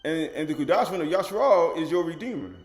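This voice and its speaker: Man, sermon, slightly high voice, colloquial, rhetorical questions, echoey room. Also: lively intonation, fast talker, soft background music. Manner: preaching with rising emphasis and rhetorical questions; colloquial, acts out quoted speakers. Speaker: teacher.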